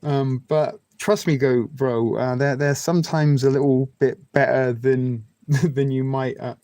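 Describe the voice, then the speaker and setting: A man's voice: medium pitch, steady tone, measured pace, a little mellow, dry recording. A man with an English West Country accent hosting a livestream, rambling through crude jokes with lots of fillers and restarts. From England. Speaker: livestream host. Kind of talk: casual chat with viewers.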